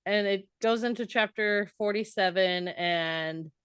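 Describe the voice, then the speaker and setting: A woman's voice: mid-range voice, a little slow, fairly bright tone, smooth, no echo, clean studio sound. A woman co-hosting a casual book podcast, recapping chapters, reading passages aloud and swearing casually. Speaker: podcast co-host.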